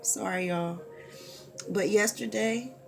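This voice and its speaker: A woman's voice: mid-range voice, slow, vocal fry, faint music behind. A woman, talking candidly and expressively in a casual vlog and swearing freely, into a camera mic. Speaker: vlogger.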